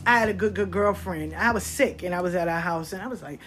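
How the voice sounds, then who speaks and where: A woman telling frank stories in a candid monologue, blunt and profane, with emphatic delivery and quick mimicry of other people. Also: mid-range voice, sing-song, a bit bright, slight background noise. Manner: mimics people in quoted asides.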